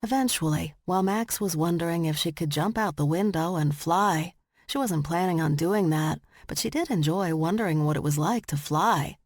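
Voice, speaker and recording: A woman narrating a romance audiobook in slow, measured storytelling, recorded close on a studio mic. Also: lowish voice, no room sound. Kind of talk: scripted narration.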